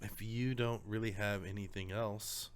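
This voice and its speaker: A man's voice: on the low side, steady tone, a little hiss or hum. A man in his thirties co-hosting a casual podcast, teasing and joking as he talks. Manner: joking, quick to tease. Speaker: podcast co-host. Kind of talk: casual chat.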